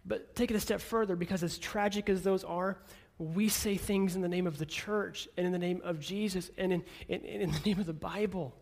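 A man in his thirties preaching a sermon with a notably high, light voice. He speaks gently and earnestly, then builds to firm, emphatic statements. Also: steady tone, normal speed, vocal fry, hardly any pauses. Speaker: pastor.

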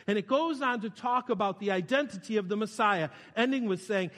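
Male pastor, high voice, casual storytelling sermon, long hall reverb. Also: fairly quick, hardly any pauses, a bit bright. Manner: conversational, storytelling with quoted voices.

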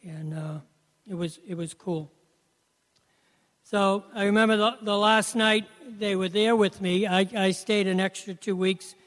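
A man's voice: high-pitched, fairly even intonation, unhurried, a bit bright, big-room sound. A man giving an earnest personal testimony about faith, telling it as a story and often saying "you know". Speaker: Christian speaker sharing testimony.

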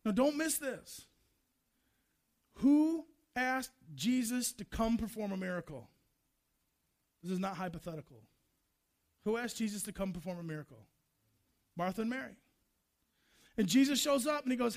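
A man preaching a sermon, emphatic, driving points home with repeated refrains and building to loud passages. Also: extremely high pitch, normal speed, long pauses.

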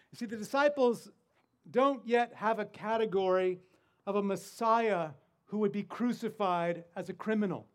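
Pastor guy preaching slow and deliberate, high-ish voice, leans on words for emphasis. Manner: deliberate, emphatic, rhetorical questions. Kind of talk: sermon.

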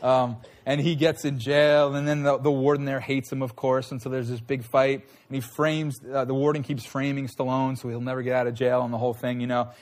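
A man's voice: medium pitch, little pitch movement, fairly quick, few pauses, darkish tone. A man preaching a sermon in a conversational way, often checking in with his listeners. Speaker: pastor.

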